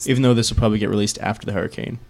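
A man co-hosting a casual podcast, telling a story in a relaxed, easygoing way. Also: on the low side, very fast, no echo. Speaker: podcast co-host. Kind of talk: casual chat.

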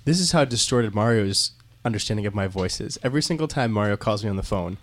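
A man's voice: fairly low pitch, expressive, fast, slight background noise. A man co-hosting a podcast in a casual chat, telling joking stories and mimicking others. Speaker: podcast co-host.

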